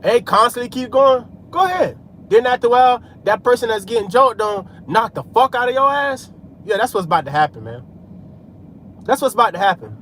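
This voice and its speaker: A man's voice: very high voice, lively intonation, brisk, a bit bright, slight background noise. A man preaching in a casual street style, scattering "man" and "hey" through his talk while he drives. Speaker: religious vlogger.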